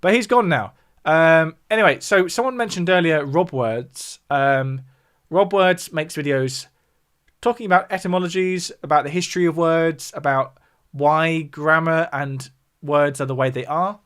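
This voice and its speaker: His voice sits fairly high, smooth and fairly bright, and he takes his time. He's a music YouTuber from the south of England with a southern English accent, casually explaining things on a livestream and answering viewer chat between points.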